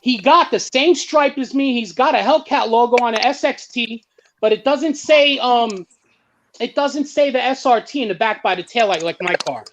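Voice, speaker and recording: Over a noisy background, a male guest on a laid-back car podcast tells a story at a moderate pace. Animated and freely profane, he mimics other people's words in a higher-pitched voice.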